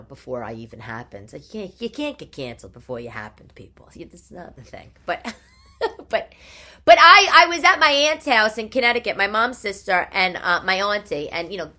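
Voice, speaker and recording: A woman hosting her podcast, chatting in a chatty, animated monologue from her living room. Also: on the low side. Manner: chatty and animated, with rhetorical questions. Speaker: podcast host. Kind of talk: casual monologue.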